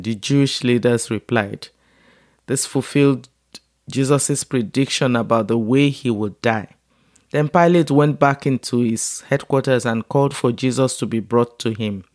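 A man reading scripture aloud at a measured, unhurried pace. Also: medium pitch, a little mellow, dry recording, studio quality. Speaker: Bible reader.

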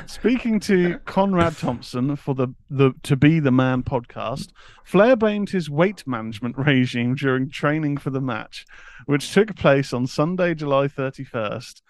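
A man's voice: mid-range voice, expressive, a little slow. A man co-hosting a podcast, reading news items aloud and laughing often. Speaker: co-host. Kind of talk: casual chat, reading news.

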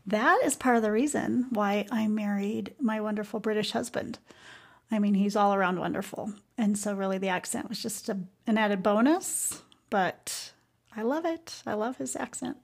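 A woman hosting a podcast, talking in an earnest, reflective way about music and life, with soft asides. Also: mid-range voice, normal speed, gravelly. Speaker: podcast host.

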